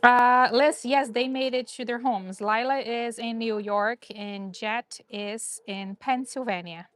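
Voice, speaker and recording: A woman hosting a casual livestream from loud animal shelter kennels, cooing baby talk at the dogs as she films on a phone. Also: on the high side, fairly even intonation, takes it slowly. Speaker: livestream host. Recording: noisy kennel with barking dogs. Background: barking dogs.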